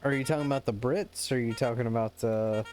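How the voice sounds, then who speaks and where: A man's voice: medium pitch, steady tone, fast talker, a little mellow, soft background music. A man streaming a game live, chatting casually, joking and laughing often, stumbling and restarting his sentences.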